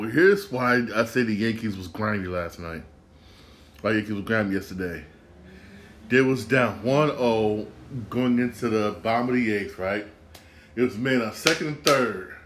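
A man with a fairly low voice talks through the week's games on his own show. He rambles, circles back to the same point and slides into rants. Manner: rambling, repeats himself, rants. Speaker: sports podcast host. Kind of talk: casual solo sports talk.

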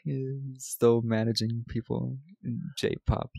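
A man with a gravelly, fry-edged voice chats casually as he recaps a movie for a podcast. He keeps laughing and slipping into quick quoted lines from the scenes. The sound is dry and close. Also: mid-range voice, little pitch movement, dark tone, no echo. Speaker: podcast co-host recapping a film. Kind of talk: casual chat.

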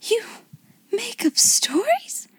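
Woman whispering as a timid wide-eyed little girl, whispered role-play, breathless, very high, soft. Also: very animated, a little slow, no echo. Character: shy, slow, awestruck plump schoolgirl.

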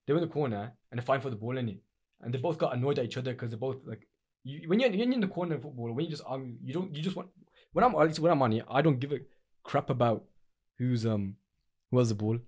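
A man's voice: mid-range voice, lively intonation, fast, a little mellow. A young man, co-hosting a podcast in casual chat. He rambles, restarts often and uses a lot of slang. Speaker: podcast co-host.

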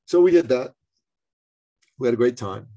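A middle-aged man from Canada telling a personal story in conversation, animated and acting out the voices of others. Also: mid-range voice, normal speed, lo-fi sound. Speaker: speaker and business coach.

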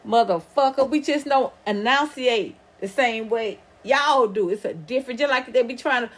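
A woman's voice: a little high, normal speed. A woman from the American South with an Atlanta drawl, hosting a casual livestream podcast in a profane, rambling way. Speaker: podcast host.

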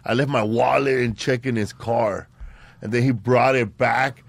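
A man's voice: mid-range voice, fairly even intonation, a little slow, vocal fry, no room sound. Slangy man telling party stories. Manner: slangy, profane, keeps saying bro and man. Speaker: podcast host. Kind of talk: casual podcast chat.

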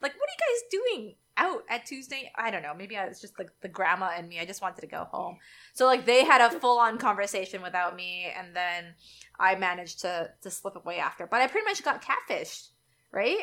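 Girl in her 20s, bright voice, chatty storytelling, does the quotes all animated. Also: brisk. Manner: animated, acts out quotes with big pitch jumps. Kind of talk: casual storytelling chat.

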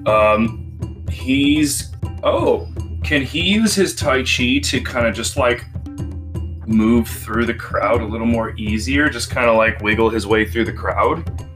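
A man's voice: mid-range voice, slow pace, a bit bright. Easygoing man playing a tabletop game. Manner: easygoing, hesitant, thinking aloud. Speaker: player. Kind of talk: casual chat. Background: background music.

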